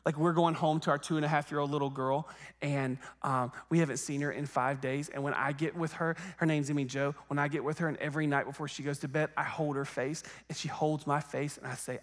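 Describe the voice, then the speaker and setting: A man's voice: on the high side, little pitch movement, quick pace, big-room sound. A young man preaching a sermon in a church, telling the story casually and acting out the quoted voices. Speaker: guest preacher. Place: church sanctuary.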